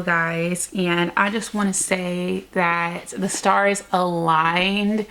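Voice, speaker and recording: A woman's voice: lowish voice, creaky, a bit bright. A woman chatting casually in a book vlog, effusive and gushing, full of "like" fillers. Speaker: book vlogger. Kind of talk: casual reading vlog chat.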